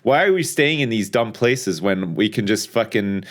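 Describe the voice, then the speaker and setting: A man co-hosting a podcast, recounting a trip in relaxed, sweary casual chat full of fillers. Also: fairly low pitch, moderate pace. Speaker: podcast co-host.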